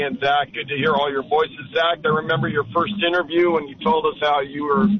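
A man calling in to a radio talk show, rambling and opinionated. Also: a little high. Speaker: radio caller. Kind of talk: call-in radio comment. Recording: muffled radio line with faint noise.

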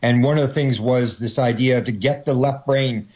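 A man's voice: mid-range voice, steady tone, moderate pace, highs cut off. A man talking as a guest in a rambling, conversational way, restarting often and acting out quotes. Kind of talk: conversational explanation.

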